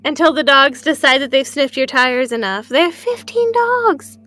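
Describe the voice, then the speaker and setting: A woman's voice: high voice, expressive, normal speed, pushed and bright, soft background music. A woman chatting on a podcast in an easygoing way, often laughing along. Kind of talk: casual podcast chat.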